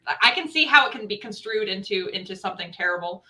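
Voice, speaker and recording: Bright-voiced opinionated woman. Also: medium pitch, animated, fast, poor audio. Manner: opinionated, rambling with restarts. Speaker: participant in group chat. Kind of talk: casual group chat.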